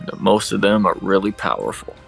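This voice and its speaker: A man's voice: on the low side, sing-song, fairly quick, creaky, a bit bright, soft background music. A man speaking in character as a player in a tabletop role-play game, brash and defiant.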